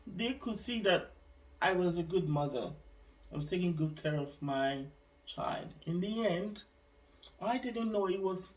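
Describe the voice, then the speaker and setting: A woman's voice: on the low side, animated. Emotional woman, distant from mic. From Nigeria. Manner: emotional, halting, with frequent restarts and religious asides. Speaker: vlogger sharing her life story. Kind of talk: personal testimony vlog.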